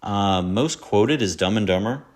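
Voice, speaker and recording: Low-voiced man rambling about movies. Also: expressive, unhurried. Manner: rambling, self-mocking, breaks into quoted voices. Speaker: podcast host. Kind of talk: casual solo movie talk.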